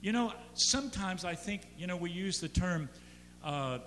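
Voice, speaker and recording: A man's voice: high-pitched, expressive, normal speed, a bit bright, big-room sound, slight background noise. A man preaching a sermon as pastor. He talks conversationally and builds to emphatic peaks.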